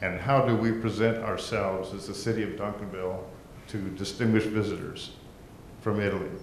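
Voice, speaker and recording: A man gives folksy, rambling council meeting remarks as mayor. His voice sits a little low. The echoey chamber carries a faint rumble behind him. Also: fairly even intonation, normal speed. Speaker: mayor presenting a proclamation.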